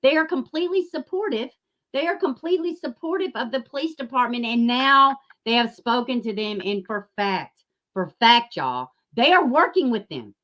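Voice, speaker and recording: A woman hosting a profane, sarcastic commentary rant, jumping from loud outbursts to mocking near-whispers. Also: fairly high pitch, lively intonation, normal speed. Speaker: YouTube commentary host. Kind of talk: ranting commentary.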